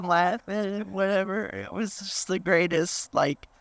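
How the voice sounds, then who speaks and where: A woman's voice: mid-range voice, slow pace, vocal fry, no echo. A woman telling a meandering anecdote as a speaker at a memorial gathering. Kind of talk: storytelling speech.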